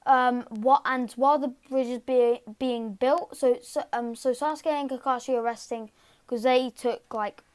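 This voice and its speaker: Woman, unhurried casual storyteller, halting delivery with constant fillers, voice sits up high. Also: steady tone, smooth. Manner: rambling and halting, full of fillers and restarts. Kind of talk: casual retelling of a fan story.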